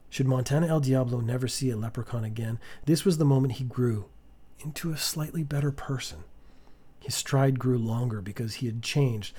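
A man's voice: mid-range voice, warm tone, husky. A man, the podcast's storyteller, narrating a comic choose-your-own-path story in a dry, mock-solemn way.

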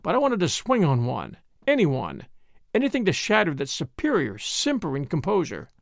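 Man reading a novel aloud, gravelly voice, lots of pitch movement, dry close sound. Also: wildly swooping pitch, moderate pace, dry recording. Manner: wry, understated storytelling. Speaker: audiobook narrator. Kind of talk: first-person literary narration.

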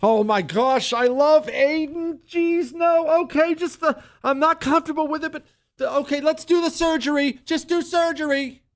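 A man's voice: extremely high pitch, moderate pace, pitched above the performer's own voice. A man putting on the voice of a fretful, hand-wringing young parent who whines and stammers. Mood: anxious. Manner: whiny, stammering, panicky.

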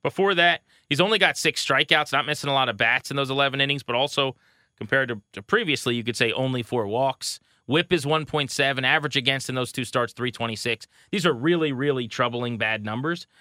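A man co-hosting a baseball podcast, casually rattling off pitching stats with a wry edge. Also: brisk, bright, forceful tone, dry recording, clean studio sound. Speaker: podcast co-host. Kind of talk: casual sports talk.

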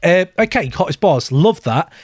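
A man hosting a podcast, chatting excitedly about an album. He laughs often and swears casually. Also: on the high side, moderate pace, breathy edge, no room sound, studio quality. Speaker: podcast host. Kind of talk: casual album-review chat.

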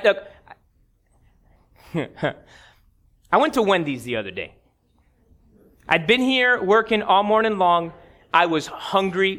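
Preaching in a high, sharp voice, a pastor shares a personal story with frank humor, speaking right to the people in his congregation.

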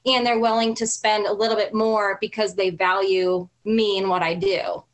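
A woman guesting on a casual podcast, her voice in an ordinary middle pitch. She speaks thoughtfully and agreeably, working through her ideas as she goes. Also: flat delivery, moderate pace. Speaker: podcast guest, cleaning business owner.

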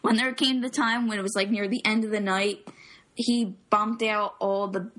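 A woman's voice: mid-range voice, fairly even intonation, moderate pace, fairly bright tone. A woman co-hosting a casual movie chat, telling a story loosely with many fillers. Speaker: podcast co-host.

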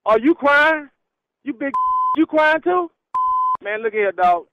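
A man's voice: very high voice, expressive, takes it slowly, heavy background noise. A man arguing back on a phone call, defiant and dismissive, in slang. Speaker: prank call target. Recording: muffled phone line.

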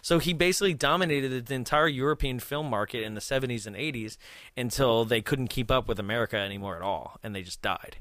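A man hosting a film commentary chat, telling a story in a lively way, acting out quotes and laughing often. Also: medium pitch, fast, dry recording, clean studio sound. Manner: animated, acts out quoted voices, laughs often. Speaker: film commentary podcast host.

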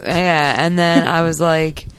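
A woman's voice: low-pitched, flat delivery, slow, slight background noise. A woman co-hosting a podcast in loose, joking casual chat, swearing freely. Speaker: podcast co-host.

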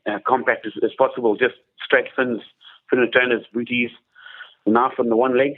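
A man guest telling stories in casual chat, halting with many restarts and fillers. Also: mid-range voice, little pitch movement, narrow, tinny audio. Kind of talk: casual storytelling.

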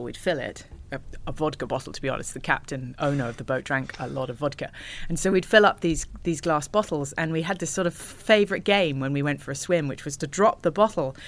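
A woman, an ocean rower, telling stories as a guest in a casual interview, animated and laughing often. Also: sits low.

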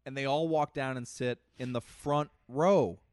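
Animated male podcast storyteller, dry sound. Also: mid-range voice, a little slow, no echo. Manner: animated storyteller, swings loud and soft. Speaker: podcast co-host. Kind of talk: casual chat, comic storytelling.

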